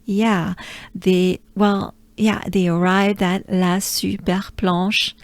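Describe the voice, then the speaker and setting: French-accented woman, pronunciation coach, slow drawn-out drills, very slow pace, dry close sound. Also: mid-range voice, little pitch movement, no echo. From France. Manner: slow exaggerated drilling of sounds, with soft asides. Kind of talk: pronunciation lesson. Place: outdoors.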